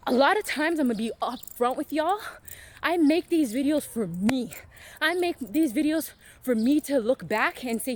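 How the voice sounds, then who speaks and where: A woman's voice: high-pitched, expressive, moderate pace, a little hiss or hum. A woman giving a candid motivational monologue to camera, frank and emphatic, swearing freely and often asking "right?". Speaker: motivational vlogger.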